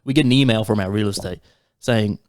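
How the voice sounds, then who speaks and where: A man's voice: on the low side, brisk, a little mellow, smooth, dry recording, clean studio sound. A young man telling a rambling, sweary story in casual podcast chat. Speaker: podcast co-host.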